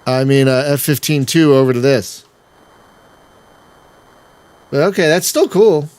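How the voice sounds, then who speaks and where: A man's voice: mid-range voice, unhurried, darkish tone, clear, resonant tone, dry recording. Chatty man narrating his gameplay. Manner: chatty, rambling, laughs often, exasperated outbursts. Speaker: gaming channel host. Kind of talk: casual let's-play commentary.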